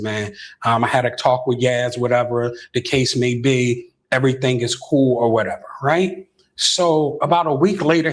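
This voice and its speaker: A middle-aged man telling a long story as an interview guest. He keeps checking in with "right?" and stumbles over restarts. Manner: keeps asking "right?" with frequent stammered restarts; shifts into a higher voice when quoting others.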